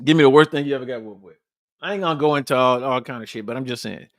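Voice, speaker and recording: A podcast host with a mid-range voice talks very fast in a clean, dry studio recording. He's blunt, fired up, and profane during a casual livestream chat, repeating his points and calling out to viewers.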